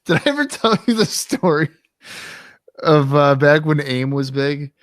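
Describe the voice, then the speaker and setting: A young man co-hosts a podcast, telling rambling, sweary stories and playing out quotes from his past in a casual storytelling chat. His voice runs on the high side and is animated but unhurried. The recording has no room sound and is studio quality.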